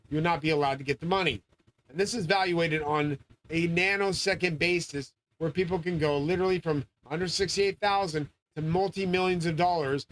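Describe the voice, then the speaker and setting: A man hosting his own channel, rambling through a grandiose, swearing monologue and often yelling. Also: a little high, poor audio. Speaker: channel host. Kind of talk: profane monologue rant.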